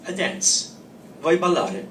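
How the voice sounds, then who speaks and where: Sultry low-voiced flirt, as a male reader puts her on. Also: big pitch swings, takes it slowly, fairly bright tone, a little hiss or hum, exaggerated voice. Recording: roomy, distant mic, faint ambience.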